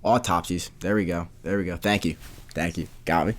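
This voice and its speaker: A man's voice: low voice, fairly even intonation, brisk, a little hiss or hum. A man hosting a casual solo podcast, rambling and repeating himself in disbelief. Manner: rambling, repeats phrases, incredulous. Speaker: podcast host.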